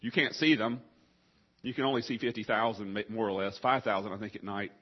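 A man preaching a sermon to a congregation, his voice husky and interrupted by coughing. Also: lowish voice, steady tone, fairly quick, muffled recording. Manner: coughing, choked up.

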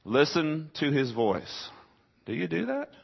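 A man's voice: fairly high pitch, very animated, a little slow, vocal fry, breathy edge, muffled recording. A man pastor preaching a conversational sermon, asking rhetorical questions and voicing his listeners' objections.

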